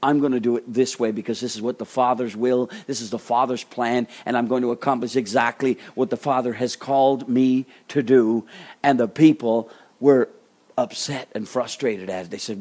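A man preaching an earnest sermon as pastor, his voice climbing high when he acts out quotes and dropping soft and slow on key points. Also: fairly even intonation.

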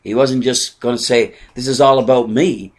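Older male preacher, earnest sermon delivery, soft asides and ringing exclamations. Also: medium pitch, steady tone, moderate pace. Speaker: pastor.

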